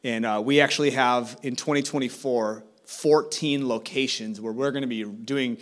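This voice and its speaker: A man in his thirties sharing a personal testimony as a guest speaker at church, storytelling warmly and growing animated. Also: mid-range voice, normal speed. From South Korea. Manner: storytelling, animated when excited, soft in prayerful parts. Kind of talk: testimony sermon.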